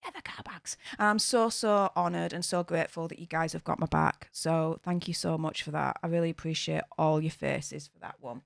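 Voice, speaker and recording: A woman's voice: deep voice, fairly even intonation, brisk, vocal fry, hardly any pauses, dry recording, studio quality. A young adult woman with a Yorkshire accent, chatting blunt and casual on a livestream, reading out fan messages and swearing freely. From Yorkshire, England. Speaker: YouTube livestream host. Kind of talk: casual livestream chat reading super chats.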